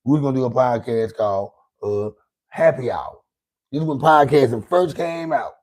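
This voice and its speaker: A middle-aged man hosts his own podcast, his mid-range, slightly mellow voice moving at normal speed. He rambles casually and profanely while answering chat on a livestream, taunting one viewer in a singsong way.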